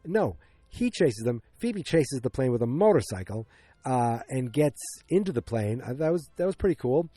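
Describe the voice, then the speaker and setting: A man's voice: medium pitch, sing-song, moderate pace, mellow, slightly rough, no room sound. A man hosting a podcast, recapping a film casually, rambling with many restarts and acting out bits of dialogue. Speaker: podcast host.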